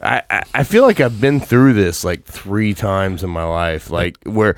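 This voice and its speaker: Man, lowish voice, casual podcast chat, rambling, joking, dry close sound. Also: animated, a little slow, dry recording. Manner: joking, rambling, many restarts. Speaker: podcast co-host.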